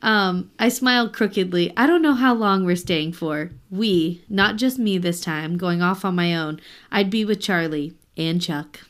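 Young woman, slightly low pitch, book podcast co-host, gushing, laughs a lot, reads excerpts aloud. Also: a little slow, few pauses. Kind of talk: casual book chat.

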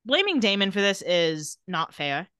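Bright, lively woman co-host, dry close sound, recapping a show in casual chat. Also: mid-range voice, clean tone, no echo. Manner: animated, reads out scenes with quick quoted lines. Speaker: podcast co-host.

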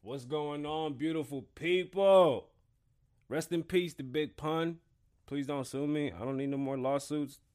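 A man's voice: on the high side, fairly even intonation, moderate pace, darkish tone, clear, resonant tone. A man hosting his own podcast solo, talking in a loose, rambling, profane street manner. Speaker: podcast host. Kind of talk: casual solo podcast monologue.

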